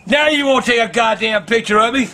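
An older man in home videos, shouting explosive, cursing tantrums. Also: very high voice, brisk, a little hiss or hum. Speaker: angry grandfather in home videos. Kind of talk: shouting rants.

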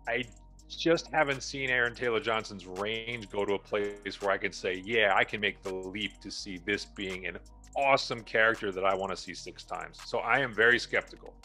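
A man with a bright, forceful voice, set a little low, talking through his views as a podcast co-host. He sounds opinionated and goes into detail, and faint music sits under him. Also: moderate pace. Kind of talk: casual pop-culture commentary.

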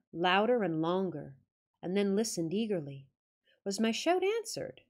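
A woman's voice: lowish voice, a little mellow. Woman reading a ghost story aloud. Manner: dramatic reading, wry joking asides. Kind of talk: storybook reading with casual asides.

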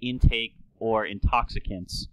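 A man hosting a podcast, explaining in an enthusiastic, lecturing tone. His voice is bright and forward, recorded close on a studio mic with a dry sound. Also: fairly low pitch, measured pace, clean tone, no echo, low-quality recording. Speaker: podcast host.

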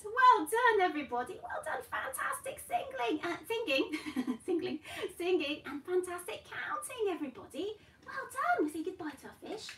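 A woman teaches a toddler class in a coaxing, playful, sing-song manner, her voice extremely high and sharp. The sound is roomy, with the mic at a distance and faint noise.

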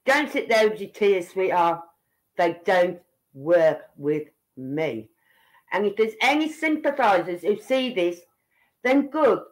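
A woman commentator reacting to a news clip with blunt, heated anger and the odd curse. She speaks slowly and deliberately in a mid-range voice. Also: mid-range voice, lively intonation, poor audio. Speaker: online commentator.

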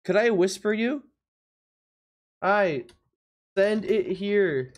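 A casual live streamer talks straight to the chat through a desk mic in a middle-pitched voice. The talk comes in quick, stumbling bursts with repeated words and frequent laughter. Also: lively intonation. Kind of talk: casual live-stream chat while playing a drawing game.

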